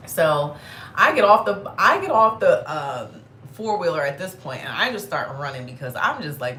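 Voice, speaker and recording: A woman vlogger telling a story in a casual, animated way, swearing and saying "like" constantly. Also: low voice, moderate pace, reverberant, a little hiss or hum. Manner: animated, profane, heavy filler "like".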